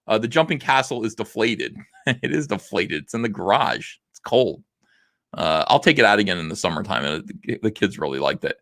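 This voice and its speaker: A man's voice: lowish voice, big pitch swings, moderate pace, gravelly, a bit bright, dry recording, clean studio sound. A man hosting a casual livestream, reading viewer comments aloud and answering them with frequent "uh" fillers. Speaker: livestream host reading chat.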